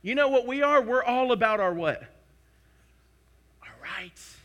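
Male pastor, high and sharp-toned, emphatic sermon delivery with big swings in volume. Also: lively intonation, a little fast. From United States. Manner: emphatic, swings between loud and hushed.

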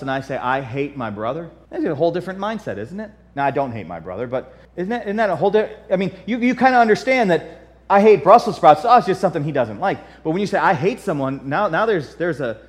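A man preaching a sermon, his voice sitting a bit high. He jokes in a folksy way, then builds to loud, emphatic repetition. He also reads old-fashioned scripture aloud. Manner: animated, swings from soft asides to loud emphatic repetition. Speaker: pastor.

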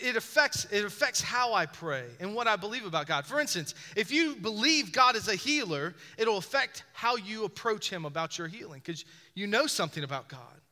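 A man delivers a sermon in a strikingly bright, high-pitched voice, pressing his points with repeated phrases and rising emphasis. His words ring out through a hall with a long reverberant tail. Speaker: pastor.

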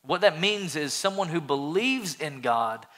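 A man preaching a sermon as a pastor, earnest and animated, with many restarts. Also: a little high, measured pace.

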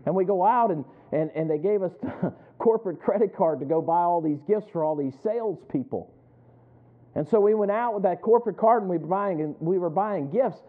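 A male preacher with a high voice leads a sermon built on stories from his working life. He chuckles between lines and acts out both sides of each exchange. The sound is thin and tinny, like a phone line. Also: fairly quick. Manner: animated storytelling, acting out both sides of a conversation. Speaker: pastor.

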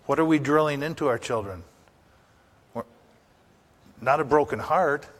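A man's voice: a little high, normal speed. An older man, a pastor, preaching a sermon in a folksy, anecdotal way, asking the congregation rhetorical questions.

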